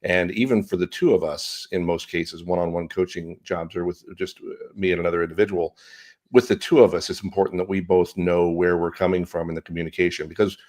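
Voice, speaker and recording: A man's voice: deep voice, a little fast. A middle-aged man, a CEO coach, talking expressively as a guest in a business podcast interview. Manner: animated, expressive inflection.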